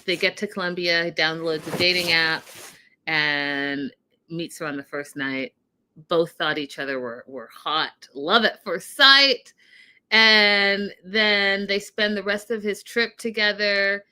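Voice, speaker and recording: This is a woman with a bright, forceful voice who talks at a slow, unhurried pace. She recaps reality TV in a casual, animated way, laughing along and calling the audience y'all. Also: on the low side, clean tone.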